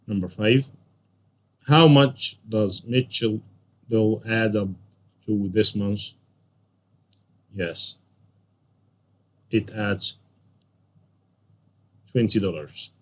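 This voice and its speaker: Slow, husky-voiced male English teacher. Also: lowish voice. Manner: patient, repeats the answers. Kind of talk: classroom lesson walkthrough.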